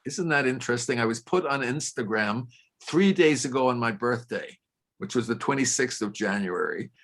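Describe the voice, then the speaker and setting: A man's voice: medium pitch, lively intonation, normal speed, fairly bright tone. An older man from New York, a film director and playwright, answering questions casually on a video call and often restarting his sentences.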